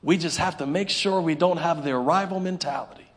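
A man preaching a sermon in a church, animated and humorous, acting out little scenes for the congregation. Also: a little high, fairly quick, hardly any pauses. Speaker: pastor. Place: church sanctuary.

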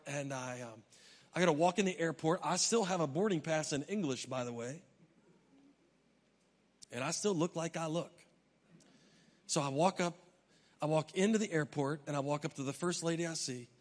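A man's voice: fairly high pitch, normal speed, pauses often. A man preaching a sermon, telling a travel story with humor and acting out his own reactions. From United States. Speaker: pastor. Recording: long reverb of a large hall.

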